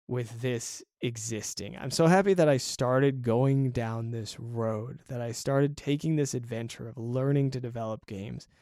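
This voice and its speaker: Solo podcast host, man, middle pitch, eager and rambling, laughs often, dry booth sound. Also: mellow, dry recording. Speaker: podcast host and hobby game developer. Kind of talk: casual solo podcast monologue.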